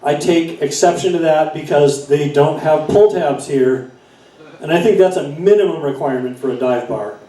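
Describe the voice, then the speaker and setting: A middle-aged man tells stand-up stories in a bar, rambling along with fillers and restarts. His voice sits a bit high. The sound is roomy and picked up from some distance. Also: moderate pace, mellow. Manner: rambling with fillers and self-corrections. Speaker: stand-up comedian. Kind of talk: stand-up set. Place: bar stage. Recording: echoey room from far off.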